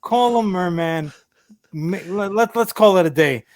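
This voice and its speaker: Male co-host, profane rambling storyteller, a bit high-pitched, dry recording. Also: measured pace, dry recording. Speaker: podcast co-host. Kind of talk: casual chat.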